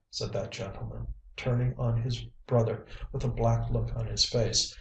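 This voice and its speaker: A man narrating an audiobook in an even, measured reading. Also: on the low side, creaky. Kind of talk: scripted narration. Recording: roomy, distant mic.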